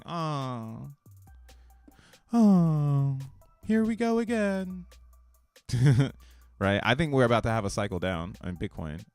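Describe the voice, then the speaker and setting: A man giving casual, excitable live-stream commentary, thinking aloud and swearing freely in slangy talk. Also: low-pitched, no echo. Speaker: crypto streamer.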